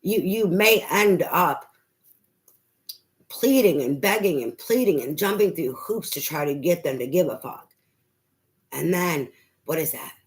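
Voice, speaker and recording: A woman's voice: deep voice, lively intonation, normal speed, a little mellow, poor audio. A middle-aged woman, a tarot reader, venting about family trouble in a blunt, emphatic way, swearing often and restarting her sentences. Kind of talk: emotional personal venting monologue.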